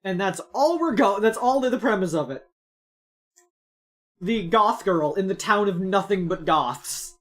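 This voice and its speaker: Chatty woman streamer with lively pitch. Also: a little slow. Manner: chatty, restarts, amused. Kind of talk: casual gameplay commentary.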